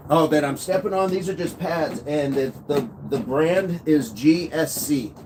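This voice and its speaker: A man's voice: a little high, measured pace. Upbeat man live-streaming on a walking pad. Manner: upbeat, chatty, reads viewer comments aloud and answers them. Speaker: fitness livestream host. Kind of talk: live stream chat reading comments. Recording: faint background noise.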